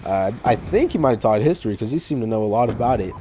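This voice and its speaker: A man's voice: on the low side, lively intonation, fast talker, background noise. A teenage boy giving casual gameplay commentary, rambling through fillers and restarts with an irritated edge. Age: teens. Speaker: channel host.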